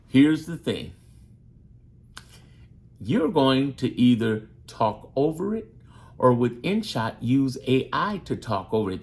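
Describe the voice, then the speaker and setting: Gaming youtuber guy talking straight to camera, swears a lot, super animated pitch. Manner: brash and profane, hyped up; fond of breaking into put-on voices. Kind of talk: casual how-to talk to camera.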